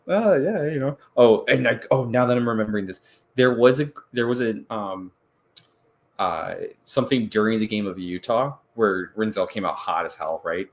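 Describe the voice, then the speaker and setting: A man co-hosting a hockey podcast in casual chat, animated, laughing often and acting out quotes loudly. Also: on the low side, moderate pace. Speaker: podcast co-host.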